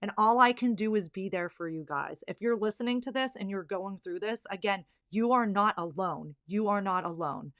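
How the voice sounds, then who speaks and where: Earnest, fired-up young mom podcaster. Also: female voice, mid-range voice, normal speed, few pauses, a bit bright, no room sound, clean studio sound. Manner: earnest, gets worked up and emphatic. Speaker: podcast host. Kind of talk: candid solo podcast talk.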